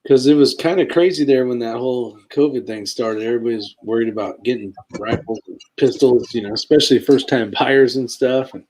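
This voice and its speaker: A man hosting a casual live stream, laid-back and quick to laugh, reading viewer comments aloud. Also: medium pitch, darkish tone. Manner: calls his own voice a sleepy DJ voice. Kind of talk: casual chat.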